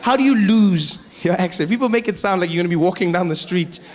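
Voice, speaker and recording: A South African man doing stand-up comedy, telling animated stories on stage. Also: high voice, quick pace. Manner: animated, storytelling.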